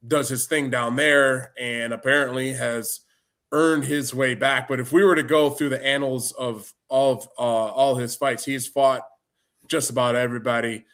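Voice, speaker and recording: A man's voice: mid-range voice, fairly bright tone. A man co-hosting a casual podcast, rambling and laid-back with many restarts. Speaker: podcast co-host. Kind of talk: casual chat.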